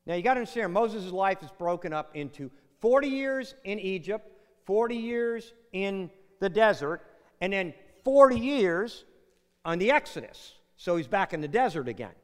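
Guy preaching, high voice that swings all over, chatty story style with little jokes, big echoey hall. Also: lively intonation, moderate pace. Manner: conversational storytelling with acted quotes and asides. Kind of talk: sermon. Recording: long hall reverb.

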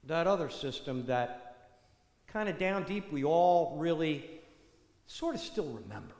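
A parish priest giving a sermon in a church, telling the story in a conversational, animated way with many asides. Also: male voice, fairly high pitch, a little slow, creaky. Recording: echoey church hall reverb.

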